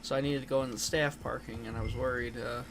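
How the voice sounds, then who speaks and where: A man's voice: medium pitch, fairly even intonation, fast, noisy background. A man streaming a game and chatting casually, in a rambling way that corrects itself as he goes. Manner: rambling, laughing, self-correcting. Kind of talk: casual gaming chat.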